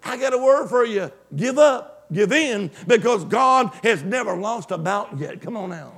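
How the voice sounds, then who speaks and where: A male preacher delivering an emphatic call-and-response sermon, swinging from loud exclamations to hushed asides. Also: sits high, animated, normal speed.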